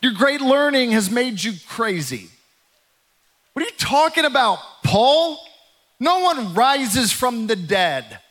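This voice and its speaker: A man voicing an angry Roman official who shouts in disbelief, pitched up high and loud. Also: sing-song, slow pace, heavily acted. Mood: scornful. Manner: shouting, incredulous.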